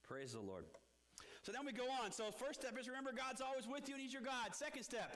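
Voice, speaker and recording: Male pastor, emphatic sermon with rhetorical questions; high, bright voice in a reverberant sanctuary. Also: very animated, quick pace. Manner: emphatic, rising and falling preaching with rhetorical questions. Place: church sanctuary. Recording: long church reverb.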